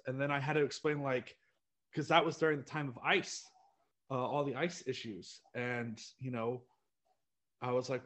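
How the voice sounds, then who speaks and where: A man's voice: mid-range voice, fairly bright tone. Blunt, opinionated American man ranting. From United States. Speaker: podcast co-host. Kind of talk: casual chat.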